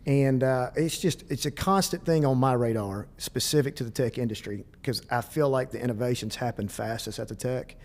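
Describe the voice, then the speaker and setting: A middle-aged man with a Southern US accent, speaking as a school district administrator in a casual podcast interview and acting out bits of dialogue as he tells stories. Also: mid-range voice. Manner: animated, quick storyteller who acts out dialogue.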